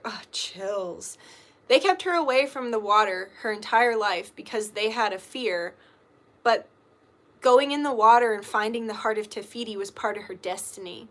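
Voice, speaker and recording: A woman's voice: medium pitch, moderate pace, fairly bright tone. A woman reading tarot and chatting casually, rambling with lots of filler words and the odd swear word. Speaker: tarot reader. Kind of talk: casual livestream chat.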